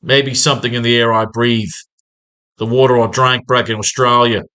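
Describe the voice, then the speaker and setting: A man's voice: mid-range voice, flat delivery, moderate pace, pushed and bright, natural voice. A man voicing a boastful male villain who brags about learning to jump like a kangaroo, while reading a comic aloud.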